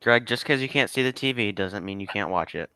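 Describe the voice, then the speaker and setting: A man co-hosting a casual group stream, dropping deadpan wisecracks. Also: on the low side, a little fast, clean tone, dry recording. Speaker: podcast co-host.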